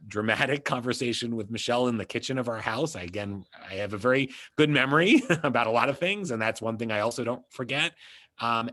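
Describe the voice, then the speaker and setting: A man's voice: medium pitch, fairly bright tone, no echo. A man from the United States, a publicist being interviewed, telling a personal story in a casual, rambling way with lots of "you know" and restarts.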